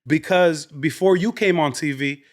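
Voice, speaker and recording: Storytelling man, slightly high. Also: moderate pace. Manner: relaxed, mixes English and Spanish, tells anecdotes. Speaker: guest comedian. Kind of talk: casual storytelling chat.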